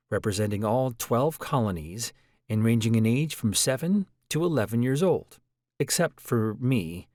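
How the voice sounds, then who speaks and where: A man's voice: medium pitch, a little mellow, dry recording. Man narrating an audiobook, dry close sound. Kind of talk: scripted first-person audiobook narration.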